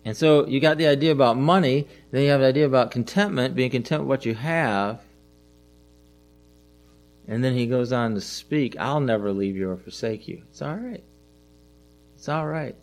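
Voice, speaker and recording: A man's voice: mid-range voice, moderate pace, pauses often. A middle-aged man preaching a conversational sermon as a pastor, asking the listeners questions and repeating his phrases.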